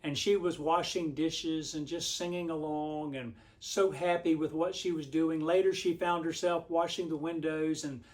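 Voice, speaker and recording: A man's voice, pitched a little high for a man. He delivers a short devotional like a pastor, telling a homespun story in a relaxed, meandering way. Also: normal speed, hardly any pauses. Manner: homespun, rambling storyteller with frequent restarts.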